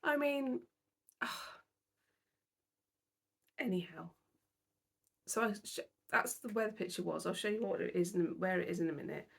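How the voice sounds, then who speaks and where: A woman's voice: on the low side, a little slow, vocal fry, long pauses, breathy edge. A tired young British woman vlogging about her cross-stitch, chatty and self-deprecating. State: tired, yawning. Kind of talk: casual chat to camera.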